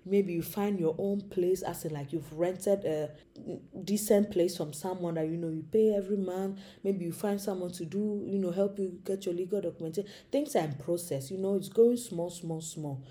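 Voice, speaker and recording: A woman's voice: lowish voice, moderate pace. A young woman from Africa, telling a comic monologue and slipping into small character voices. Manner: animated, acts out little voices. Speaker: comedic storyteller. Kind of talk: comedic monologue.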